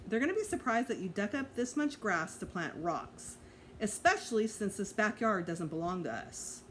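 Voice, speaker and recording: A woman's voice: medium pitch, very animated, normal speed, a bit bright, a little hiss or hum. A woman voicing a sensible preteen boy who talks in a matter-of-fact, dryly joking way.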